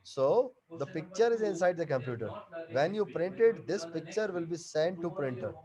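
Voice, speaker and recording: A man teaching an online class over a video call, explaining slowly and repeating each point and question. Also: on the high side, animated, crowd noise.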